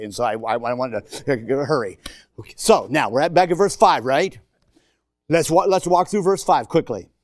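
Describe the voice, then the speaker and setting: A middle-aged man preaching a sermon in a church, swinging from shouted emphasis to hushed asides and joking with the congregation. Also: on the high side, no echo, clean studio sound. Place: church sanctuary.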